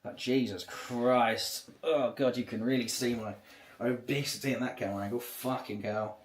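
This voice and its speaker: A man's voice: medium pitch, steady tone, moderate pace. A man chatting casually on a livestream, rambling and swearing a lot. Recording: echoey room.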